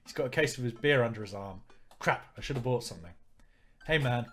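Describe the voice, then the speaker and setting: A young man with a gruff voice reading a visual novel aloud and commenting playfully as host. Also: medium pitch, quick pace, a bit bright. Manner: playful, self-aware. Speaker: let's play host.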